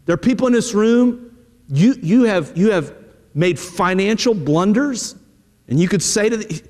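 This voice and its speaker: A middle-aged man preaching from the pulpit, his voice sitting high for a man. He talks to the congregation plainly and directly, often leaning on a quick "hey." The sound rings with the long reverb of a church sanctuary. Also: sing-song. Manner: conversational preaching, repeating "hey" and direct address. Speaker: pastor. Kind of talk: sermon.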